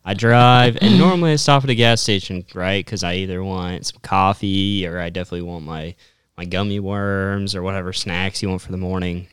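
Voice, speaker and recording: Teasing man co-host, very low voice, smooth and resonant, dry close sound. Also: a little fast, fairly bright tone, no room sound. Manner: teasing, drawling storyteller. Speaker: podcast co-host. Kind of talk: casual chat.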